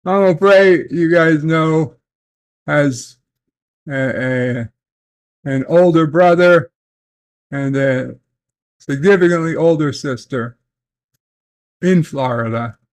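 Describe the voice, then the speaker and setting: A man sits at home and tells a family anecdote on his vlog. He talks very slowly, stopping often to restart his sentences and fill the gaps with "uh" and "um". His voice sits a little higher than most men's. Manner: slow, halting, many fillers and restarts. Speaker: vlogger. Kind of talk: casual storytelling. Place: at home, in bed.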